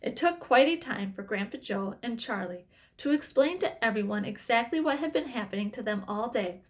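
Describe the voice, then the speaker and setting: A woman's voice: on the high side, animated, normal speed. A woman reading a children's book aloud in plain storytelling, with small slips now and then. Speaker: reader.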